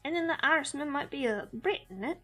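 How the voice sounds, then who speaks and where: A woman's voice: high-pitched, animated, quick pace, bright, forceful tone, soft background music. A woman player in a tabletop game, chatting casually with brief, laid-back replies. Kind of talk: casual chat on a voice call.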